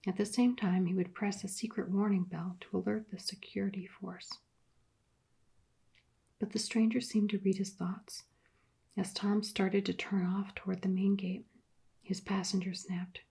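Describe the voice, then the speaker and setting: Husky, whispery soft-spoken woman narrator. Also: medium pitch, flat delivery, measured pace. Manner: hushed, partly whispered reading. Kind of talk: soft-spoken ASMR book reading.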